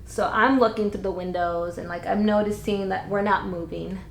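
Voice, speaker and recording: Gravelly young woman telling a story. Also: medium pitch, normal speed, a little hiss or hum. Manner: lively, blunt storytelling with swearing. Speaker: vlogger. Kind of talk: casual storytime. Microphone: camera-mounted mic. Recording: roomy echo.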